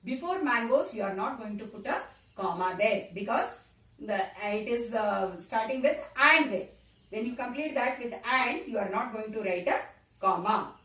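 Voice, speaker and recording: A woman's voice: a little high, expressive, normal speed, a bit bright. A woman teaching a grammar lesson to a class, repeating points and often asking if the students follow. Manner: repetitive, checks understanding with frequent "Got it?". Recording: echoey room, voice from far off.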